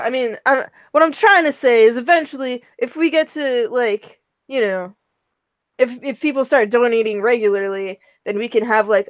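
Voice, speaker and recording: A young woman co-hosting a streamed talk show in casual, crude chat, giggling often and trailing off with fillers. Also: a little high.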